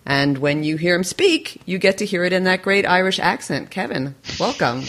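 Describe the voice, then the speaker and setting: A woman's voice: fairly low pitch, animated, moderate pace, a bit bright. A woman hosting a podcast interview, speaking with enthusiasm and playful humor and laughing often. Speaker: podcast host.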